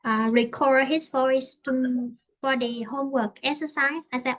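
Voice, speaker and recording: Teaching English in an online lesson conversation, the woman has a Vietnamese accent and a high, bright voice. She's relaxed and unhurried, but hesitates often and fills gaps while finding her words.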